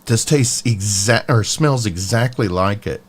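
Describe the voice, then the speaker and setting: A man hosting a live stream, chatting excitedly while tasting a drink. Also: lowish voice, unhurried, husky. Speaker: host of a live stream show. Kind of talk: casual live stream chat.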